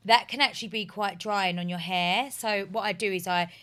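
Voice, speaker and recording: Young woman, podcast co-host, bright tone, relaxed giggly chat. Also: mid-range voice, moderate pace. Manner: chatty, giggly, loose and informal. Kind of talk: casual chat.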